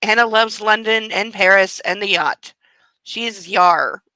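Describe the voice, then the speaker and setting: A woman reading the lines of a controlling young husband in a low, quiet, measured voice. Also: no echo, poor audio. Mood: dismissive. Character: controlling wealthy young husband, smooth and possessive.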